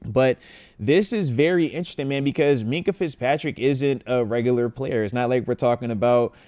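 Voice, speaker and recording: A retired linebacker breaks down a football trade for his viewers in a loose, animated way, calling out to the audience as he goes. His voice sits dark and mellow. The sound is close and dry, with no room behind it. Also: mid-range voice, a little fast, no room sound. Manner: animated, hype, addresses viewers directly. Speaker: retired linebacker and sports commentator. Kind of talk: casual sports talk to camera.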